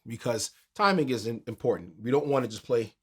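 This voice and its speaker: A man teaching a keyboard tutorial in a relaxed, conversational way, counting beats aloud as he plays. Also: mid-range voice, brisk. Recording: piano music under the voice.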